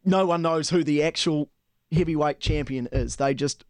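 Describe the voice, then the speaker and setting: A man's voice: a little high, normal speed, dry recording, studio quality. A man co-hosting sports talk, earnest with hesitant restarts. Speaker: radio sports co-host. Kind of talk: casual sports banter.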